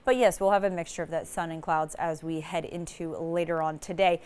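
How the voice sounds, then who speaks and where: Woman, TV weather forecaster, lowish voice, chatty, loose delivery. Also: steady tone, a little fast, darkish tone, clear, resonant tone. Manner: casual, many "so" starts and small restarts. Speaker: TV meteorologist.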